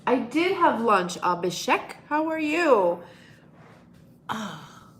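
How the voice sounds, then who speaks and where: A woman hosts a casual live stream, talking unhurriedly with her viewers. Her manner is playful and teasing, and now and then she bursts into loud joking noises. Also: fairly high pitch, very animated, takes it slowly.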